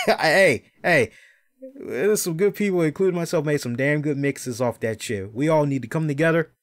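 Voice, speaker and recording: A man's voice: fairly high pitch, normal speed. A man hosting a wrestling podcast, ranting casually and profanely, with mocking impressions of the people he talks about. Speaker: podcast host.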